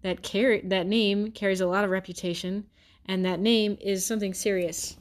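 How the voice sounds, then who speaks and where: A woman vlogger with a medium-pitched, steady voice reads a news article aloud, adding sarcastic, exasperated commentary, swearing freely and slowing down to stress the words she mocks.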